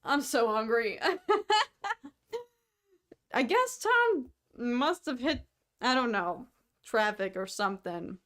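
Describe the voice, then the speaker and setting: Chatty young woman with a smooth voice. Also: a little high, big pitch swings, fairly bright tone. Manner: chatty, rambling, laughs often, quick asides. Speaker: podcast co-host. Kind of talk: casual solo chat to viewers.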